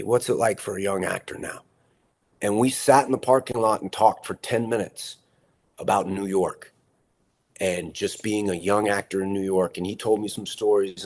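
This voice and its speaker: A middle-aged man, an actor, telling stories in a casual interview, animated and stammering, often repeating words. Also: deep voice. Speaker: actor guest.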